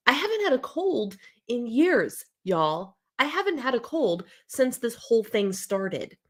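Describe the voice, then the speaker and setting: A host in her thirties speaks unhurriedly in a fairly high voice with big pitch swings, her throat scratchy. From home she runs a casual live-stream chat, reading out and answering viewer comments.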